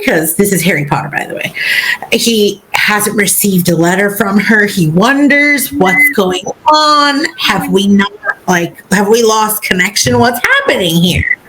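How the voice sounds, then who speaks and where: A woman's voice: medium pitch, a little slow, slight background noise, low-quality recording. A woman podcast co-host giving a casual, giggly recap of a book chapter. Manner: animated, giggly storyteller.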